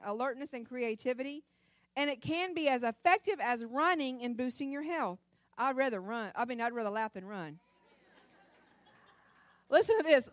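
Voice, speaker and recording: A middle-aged woman speaks at a church women's gathering, mixing scripture with jokes in an animated, laugh-filled way. Her voice sits high, and the close mic keeps it dry and free of room sound. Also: no echo. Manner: animated, laughs often, sings snippets. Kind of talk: humorous devotional talk.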